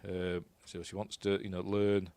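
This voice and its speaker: A man's voice: low-pitched, completely flat delivery, moderate pace, a little mellow, clear, resonant tone, dry recording. A man with a Yorkshire accent giving a casual, rambling commentary while watching a film, often unsure of himself and chuckling at his own asides. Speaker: film reviewer.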